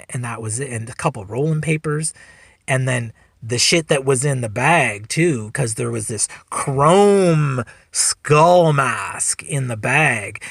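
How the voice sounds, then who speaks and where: Gravelly-voiced comedian telling a rambling story. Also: male voice, mid-range voice, no echo, studio quality. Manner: rambling, profane, animated. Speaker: podcast host, stand-up comedian. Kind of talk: casual storytelling.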